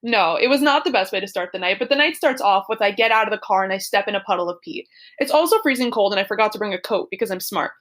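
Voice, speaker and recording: A woman's voice: medium pitch, lively intonation, fast, a bit bright. A young woman co-hosting a podcast, telling a personal story in a chatty, giggly way full of "like" and "super". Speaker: podcast co-host.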